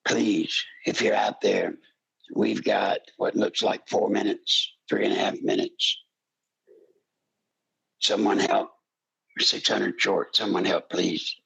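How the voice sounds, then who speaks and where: An older man with a deeply gravelly, creaky voice delivers a fervent talk radio monologue. His tone is husky and rough, and he often climbs into pleading shouts. He sounds like a seasoned show host talking straight to his listeners. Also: fairly even intonation, slow pace, pauses often, low-quality recording. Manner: impassioned, pleading, rising to shouts.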